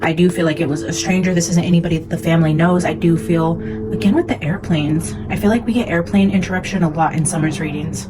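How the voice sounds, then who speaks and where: A woman's voice: fairly low pitch, fast, over music, poor audio. A young woman, a psychic medium, talking casually and earnestly as she reads from her notes, rambling with many fillers.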